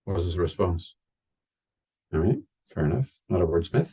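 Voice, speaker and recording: A man telling a story in a wry, conversational way, slowing down for dramatic moments. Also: deep voice, lively intonation, mellow, slightly rough. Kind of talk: oral storytelling.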